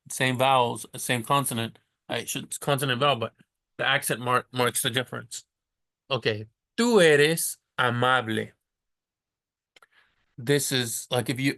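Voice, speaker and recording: A man giving a casual recorded language lesson. He talks in a loose, chatty way, trails off and corrects himself, and reads the Spanish example sentences slowly and carefully. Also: medium pitch, a bit bright. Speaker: Spanish teacher.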